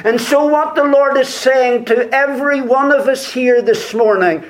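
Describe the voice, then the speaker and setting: A man preaching a sermon to his congregation, speaking deliberately and repeating key phrases for emphasis. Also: very high-pitched.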